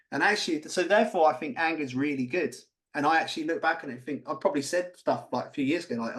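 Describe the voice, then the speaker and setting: A man's voice: fairly high pitch, lively intonation, quick pace, a bit bright. A man co-hosting a podcast, talking candidly and passionately, swearing freely. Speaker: podcast co-host. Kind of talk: candid conversational chat.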